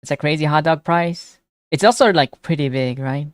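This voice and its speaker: A young woman live streamer chatting casually with her viewers, reading their messages aloud and reacting excitedly. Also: sits low, normal speed, no echo, clean studio sound. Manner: chatty, reads chat aloud and answers it, excitable.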